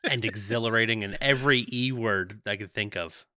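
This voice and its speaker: A man's voice: on the low side, bright, forceful tone, no echo, studio quality. A man co-hosting a podcast, chatting casually with wry remarks. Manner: wry, quick to laugh. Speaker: podcast co-host. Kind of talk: casual chat.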